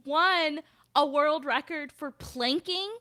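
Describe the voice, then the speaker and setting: A woman's voice: high-pitched, takes it slowly. A woman co-hosting a podcast, chatting casually and telling stories with animation. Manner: animated storyteller, reads headlines aloud. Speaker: podcast co-host. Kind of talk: casual chat.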